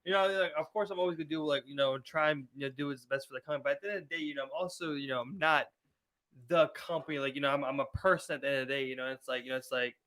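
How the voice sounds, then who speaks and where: A man's voice: fairly high pitch, steady tone, racing, fairly bright tone, rough recording. A man with a Baltimore accent on a casual podcast, rambling on with lots of filler words. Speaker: podcast co-host. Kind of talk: casual chat.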